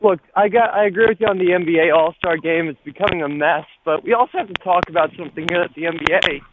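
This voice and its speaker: A man's voice: a little high, fast talker. A man calling in to a sports radio show, earnestly making a point about weak teams. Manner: earnest, building his case. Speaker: caller. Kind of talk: call-in radio question. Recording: noisy phone line.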